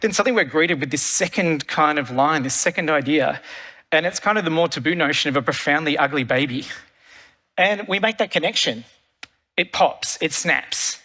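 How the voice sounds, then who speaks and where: Bright-voiced keynote speaker. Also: male voice, fairly high pitch, normal speed. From Australia. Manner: energetic storytelling, repeats phrases. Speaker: keynote speaker, creative director. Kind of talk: keynote talk. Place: large conference hall stage. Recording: long reverb of a large hall.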